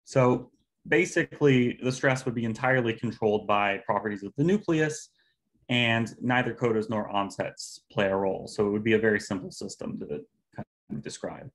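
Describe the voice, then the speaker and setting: A man giving an academic linguistics talk over a video call, explaining step by step with pauses and fillers. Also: lowish voice. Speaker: linguistics presenter.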